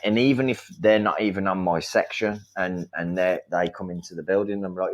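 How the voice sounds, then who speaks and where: A man's voice: low voice, steady tone, normal speed, few pauses, muffled recording. A man, talking bluntly in a casual podcast chat and swearing freely.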